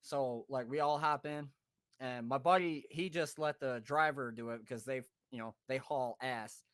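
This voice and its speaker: A man's voice: mid-range voice, moderate pace, a bit bright, no echo. A man hosting a podcast, telling a rowdy story in a casual way, swearing freely, laughing and acting out his friends' voices. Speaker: podcast host.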